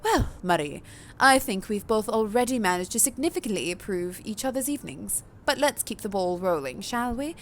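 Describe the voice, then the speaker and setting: A woman's voice: medium pitch, expressive, normal speed, slight background noise, lightly acted. A woman voicing a poised, elegant female vampire hostess with a refined, sly manner. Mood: silky.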